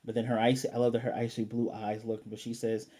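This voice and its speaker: American man, mellow tone, casual anime review, rambling, lots of fillers. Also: medium pitch, monotone, quick pace, slightly rough. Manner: rambling, many fillers and self-corrections.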